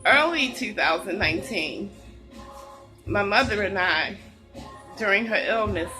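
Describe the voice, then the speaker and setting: A woman's voice: medium pitch, lively intonation, over music, rough recording. Earnest woman telling a personal story. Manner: earnest, heartfelt, slow and deliberate. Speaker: vlogger. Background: a song playing softly.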